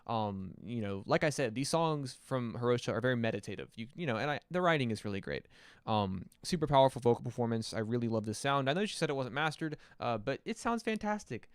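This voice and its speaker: A man hosting a livestream, reviewing music submissions in a loose, rambling way, swearing often and filling pauses with ums and uhs. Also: medium pitch, expressive, clean tone, no echo, studio quality. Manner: loose, rambling and profane, many fillers. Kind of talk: casual livestream commentary.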